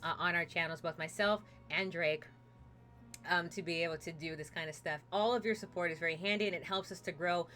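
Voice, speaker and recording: A woman's voice: lowish voice, fairly even intonation, a little fast, sharp tone, faint music behind. A woman streaming a story game, chatting casually and narrating a fairy tale in a playful way, hopping into character voices.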